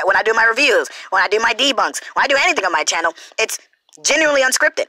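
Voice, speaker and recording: Young woman reaction host; fast, rambling, self-correcting, dry sound. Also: medium pitch, expressive, bright, forceful tone, dry recording, poor audio. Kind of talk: unscripted response commentary.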